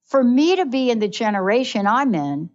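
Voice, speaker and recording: A woman's voice: on the high side, sing-song, moderate pace. A woman hosting a radio talk show, talking in a reflective way and often checking in with her listener. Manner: reflective, keeps asking "right?". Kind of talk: casual radio chat. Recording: slightly dull lo-fi sound.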